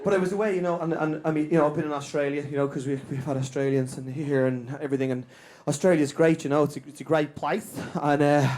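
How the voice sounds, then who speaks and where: A man with an Irish accent doing an animated, rambling stand-up set into a handheld mic in a small venue. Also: a little high, quick pace, hardly any pauses. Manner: animated, rambling, keeps asking "right?". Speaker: stand-up comedian. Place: small comedy venue, indoors.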